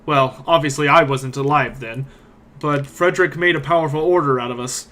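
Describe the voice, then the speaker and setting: A man voicing a blunt, gruff mercenary leader in a tabletop game. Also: a little high, normal speed, a bit bright, natural voice.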